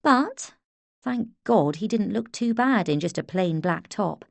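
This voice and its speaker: A woman narrating an audiobook in a measured, expressive storytelling manner. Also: mid-range voice, creaky, no echo. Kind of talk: scripted narration.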